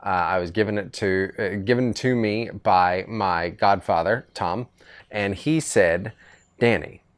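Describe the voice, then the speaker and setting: Easygoing middle-aged man, lowish voice. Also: a little slow, clear, resonant tone. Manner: rambling, easygoing storytelling with restarts. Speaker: podcast host. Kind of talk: casual father-son chat. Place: outdoor veranda.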